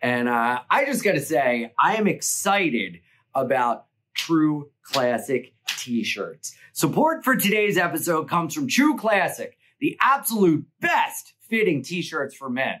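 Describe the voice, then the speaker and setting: A man reading a sponsor ad on his own podcast, making the pitch goofy and jokey. His pitch rises and falls widely through the read. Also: sing-song, takes it slowly, fairly bright tone. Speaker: podcast host. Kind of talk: comedic ad read.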